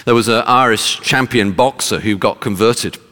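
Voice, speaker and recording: A man's voice: on the low side, normal speed, bright, forceful tone, big-room sound. A man preaching a sermon, emphatic and fond of rhetorical questions, speaking to a congregation.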